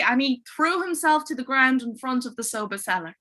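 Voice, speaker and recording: A woman storyteller telling a ghost story on a livestream, hushed and dramatic, sometimes dropping almost to a whisper. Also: high voice, moderate pace.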